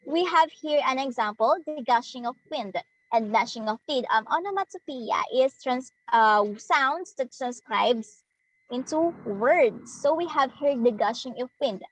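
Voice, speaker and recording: A woman's voice: high voice, lively intonation, a little slow, dry recording, low-quality recording. A young woman giving a demo lesson, explaining step by step and acting out sounds as examples. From Philippines. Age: young adult. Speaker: student teacher. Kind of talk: demo lesson on figures of speech.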